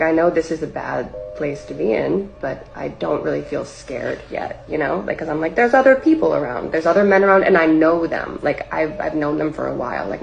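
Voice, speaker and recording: Woman, slightly low, gravelly voice; loose, rambling storyteller full of "like", with faint music underneath. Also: poor audio. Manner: rambling, heavy use of filler "like", acts out her own past lines. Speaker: singer telling a personal story.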